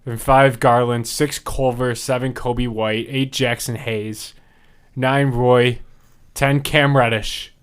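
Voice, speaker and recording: A man's voice: medium pitch, fairly even intonation, takes it slowly, clear, resonant tone. A man co-hosting a podcast in casual chat, reading messages aloud from his phone and laughing between lines. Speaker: podcast co-host.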